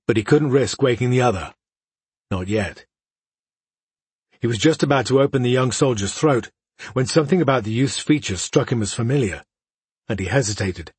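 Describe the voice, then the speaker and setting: Husky-voiced male audiobook narrator. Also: medium pitch, dry recording. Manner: measured, dramatic, dropping to hushed tones. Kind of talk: audiobook narration of a fantasy story.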